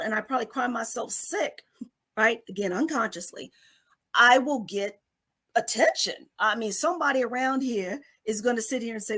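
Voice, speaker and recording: A middle-aged woman appears as a guest coach on an interview show, her voice on the high side, husky and a bit bright, at normal speed. She explains things like a teacher, checking in with listeners by asking "okay?" again and again, and briefly acts out babies and parents.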